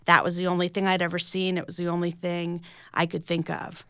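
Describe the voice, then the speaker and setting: A woman's voice: fairly low pitch, completely flat delivery, fairly quick, sharp tone, smooth, dry recording, clean studio sound. A middle-aged woman, an author talking candidly and reflectively in a radio interview, often restarting her sentences. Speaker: author and guest.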